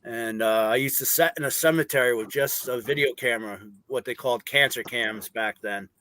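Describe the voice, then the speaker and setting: A man's voice: mid-range voice, brisk, slight background noise. A man guesting on a paranormal talk show, telling stories at an easy pace. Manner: relaxed storyteller, many uh fillers. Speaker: guest paranormal investigator and clown performer. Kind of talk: casual chat.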